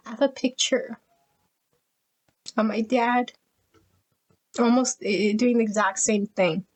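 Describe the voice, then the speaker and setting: Turning over cards one by one, this middle-aged woman reads tarot with gushing enthusiasm and rising emotion. Her fairly high voice stays steady and slow, and the recording is rough.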